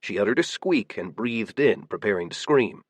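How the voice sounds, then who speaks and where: A man giving steady, measured audiobook narration. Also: on the low side, breathy edge, dry recording.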